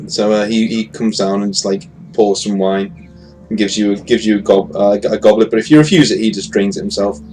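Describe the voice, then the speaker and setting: A man's voice: on the low side, steady tone, a little fast, darkish tone, soft background music, rough recording. A man running a tabletop game as game master, narrating with frequent hesitations and fillers. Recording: faint ambient noise.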